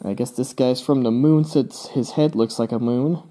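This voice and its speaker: A man's voice: mid-range voice, moderate pace, mellow. A young man hosting his own channel, casually walking through his old drawings in a rambling way, with fillers and playful asides. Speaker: channel host.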